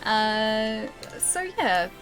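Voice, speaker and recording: Young Australian woman, game streamer, bright and a little high, chatty, laughs a lot. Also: lively intonation, very slow, soft background music. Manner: chatty, laughs often, answers chat. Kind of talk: casual live-stream chat.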